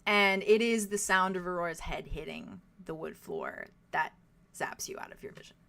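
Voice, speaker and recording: A woman's voice: on the low side, normal speed, fairly bright tone, slight background noise. A young woman narrating a tabletop game as game master, descriptive and full of fillers. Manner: descriptive, many fillers like "like" and "kind of".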